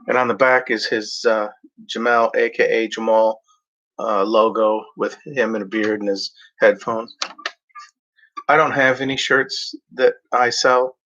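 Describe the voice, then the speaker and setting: A man talking casually as a show host, halting with many fillers and restarts. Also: lowish voice, fairly even intonation, fairly bright tone, lo-fi sound. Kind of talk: casual rambling chat.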